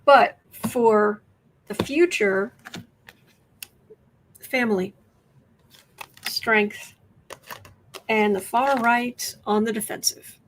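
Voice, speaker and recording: A woman from the United States hosts a casual tarot livestream on a webcam mic, chatting and thinking aloud while reading viewers' questions. Her voice is fairly high-pitched, with drawn-out words and frequent pauses, and there's slight background noise.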